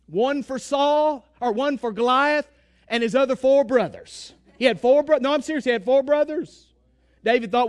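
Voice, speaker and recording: A man preaching a sermon, retelling a story and acting out the quotes, dropping to a hush and rising to shouts. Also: very high-pitched, moderate pace.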